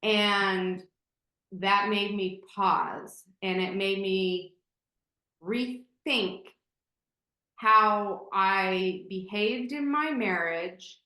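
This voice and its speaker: A woman's voice: mid-range voice, drawn-out words, pushed and bright. A woman guest telling a personal story candidly and emotionally, with many fillers and restarts. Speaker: podcast guest. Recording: roomy echo.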